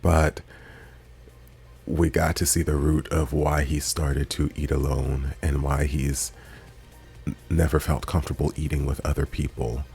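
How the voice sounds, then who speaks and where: A man's voice: rumbling low, level tone, a little slow, gravelly, darkish tone, faint music behind. A man hosting a reaction video, recapping an episode in casual, chatty commentary with playful quoted asides.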